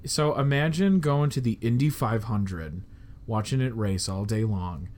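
A man's voice: lowish voice, unhurried, a little mellow. A young man from the Chicago area hosting a podcast, telling a story in a rambling, casual way full of fillers. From Chicago area, United States. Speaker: podcast host.

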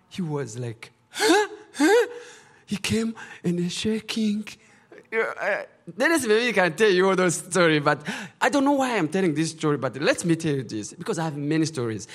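Lively preaching pastor. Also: male voice, on the high side. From Rwanda. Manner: emotional storytelling in broken English. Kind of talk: testimony preaching.

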